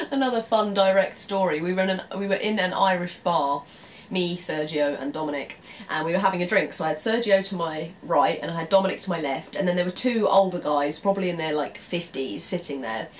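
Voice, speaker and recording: A woman's voice: on the low side, expressive, brisk, slight background noise. Chatty English woman vlogger. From England. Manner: chatty, laughs often, acts out quoted reactions. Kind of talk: casual storytelling to camera.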